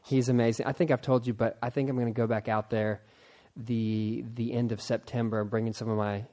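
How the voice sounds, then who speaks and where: Excitable man hosting a podcast. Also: mid-range voice, fairly quick. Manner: excitable, laughs a lot, rambling storytelling. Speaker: podcast host and pastor. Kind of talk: casual podcast interview.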